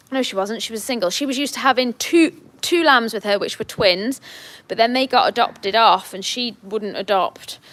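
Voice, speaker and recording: A woman's voice: medium pitch, a bit bright. A woman farmer chatting casually on a livestream from her sheep shed, fondly talking to her lambs between comments. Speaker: farmer vlogger.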